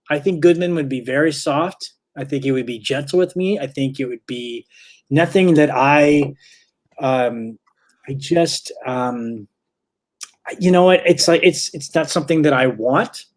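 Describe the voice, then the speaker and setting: A man's voice: fairly high pitch, moderate pace. Rambling male comedian telling a story. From St. Louis. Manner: rambling, self-correcting, acts out quoted voices. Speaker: stand-up comedian guest. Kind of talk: casual podcast storytelling.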